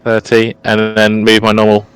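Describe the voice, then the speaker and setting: A man's voice: on the low side, monotone, moderate pace, over loud music, rough recording. A man playing a tabletop role-playing game, methodically counting out his moves and reading his abilities aloud. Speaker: player. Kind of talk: casual tabletop game play.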